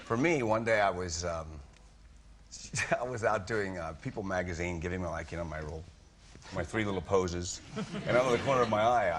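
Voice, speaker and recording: A man, a chat-show guest telling lively anecdotes and acting out scenes. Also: fairly low pitch. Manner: animated storyteller, acting out scenes, laughing. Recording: studio audience and noise. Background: studio audience.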